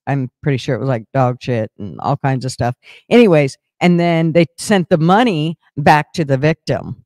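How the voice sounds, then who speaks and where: A man in casual group chat, rambling through his stories with frequent laughs and swearing. His voice sits a little high for a man. The sound is dry and close. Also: a little mellow, no room sound. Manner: rambling storyteller, swears freely, laughs often. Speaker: host.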